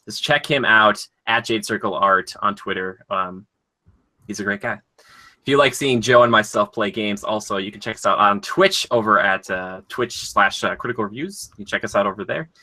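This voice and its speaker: A man's voice: lowish voice, normal speed, bright, forceful tone. A man with an Upper Midwest American accent, co-hosting a podcast and rambling jokily through the sign-off, with many fillers. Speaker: podcast co-host. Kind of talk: casual podcast outro.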